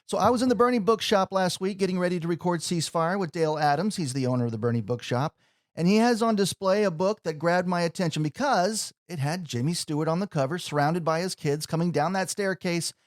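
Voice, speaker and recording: A man's voice: high-pitched, brisk, no echo, clean studio sound. A man hosting a radio interview, earnest and openly emotional as he talks. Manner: warm-hearted, earnest, emotional. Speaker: radio host.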